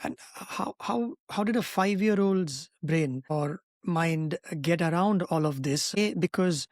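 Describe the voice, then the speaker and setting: High-voiced male interviewer. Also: slow pace, no room sound, studio quality. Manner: friendly, repeats words as he frames questions. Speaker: interviewer, host. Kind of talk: conversational interview.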